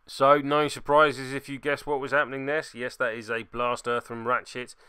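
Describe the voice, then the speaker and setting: A man's voice: medium pitch, level tone, moderate pace, pushed and bright, clear, resonant tone, no echo, studio quality. A man narrating a tabletop miniatures game turn by turn, with wry, self-deprecating asides.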